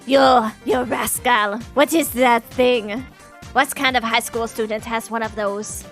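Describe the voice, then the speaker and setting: A haughty young aristocrat pigeon, as a woman puts him on, stiff and indignant, always formal. His voice is bright and his delivery unhurried, with faint music in the background. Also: on the high side, fairly even intonation.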